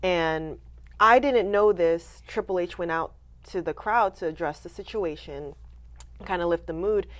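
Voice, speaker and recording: A woman's voice: on the low side, measured pace. A woman in her late twenties, a wrestler and interview guest, telling her story candidly and acting out what people said to her. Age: late 20s. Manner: animated, acts out quoted voices, laughs often.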